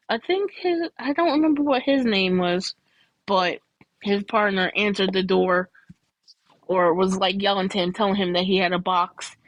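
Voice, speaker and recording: Casting: woman host, casual candid chat, dry close mic, mid pitch. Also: dry recording, poor audio. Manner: chatty and candid, with frequent laughs and jumps to high pitch. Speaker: host reviewing a film.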